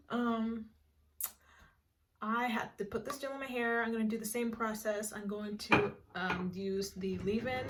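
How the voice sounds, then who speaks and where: A woman chatting casually to camera in a home hair vlog, rambling with plenty of fillers. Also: mid-range voice. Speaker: hair vlogger. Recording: slightly distant mic, faint noise.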